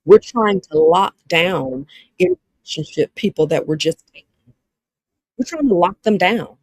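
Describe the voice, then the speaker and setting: A woman's voice: lowish voice, very animated, moderate pace, breathy edge, dry recording, rough recording. A woman with a Southern US accent hosting a live-streamed dating talk, reading viewer comments aloud and talking to them directly with lots of repetition. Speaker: livestream host.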